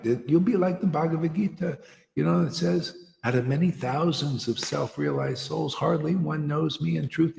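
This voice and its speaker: A man's voice: fairly high pitch, creaky, dark tone, a little hiss or hum. A man giving an informal devotional talk to a small group, earnest and slangy, peppering his words with "you know" and "man". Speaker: spiritual teacher. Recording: roomy hall echo.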